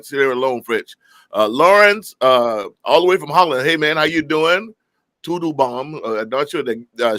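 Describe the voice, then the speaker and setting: A man's voice: a little high, bright, forceful tone, dry recording. A man from California hosting a live music stream, greeting viewers by name in a joking, folksy way. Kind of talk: casual live-stream chat reading viewer comments.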